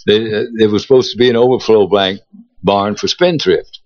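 An older man, telling stories in a folksy, drawling way as co-host of a casual radio chat. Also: on the low side. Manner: slow, drawling storyteller with a folksy turn of phrase. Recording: muffled, lo-fi radio recording.

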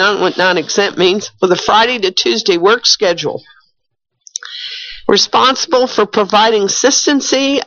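An older woman, hoarse from a cold, reading radio announcements with wry asides. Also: mid-range voice, a bit bright. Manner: chatty, wry asides while reading notices. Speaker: radio host. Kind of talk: casual radio chat with announcements. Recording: muffled, lo-fi radio recording.

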